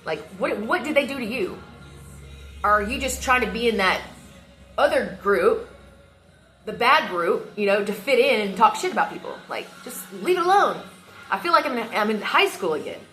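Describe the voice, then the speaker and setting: Soft music plays behind a woman vlogger venting heatedly to her phone camera, swearing frequently. Her voice is a little high, animated and fairly bright, and she talks at a moderate pace.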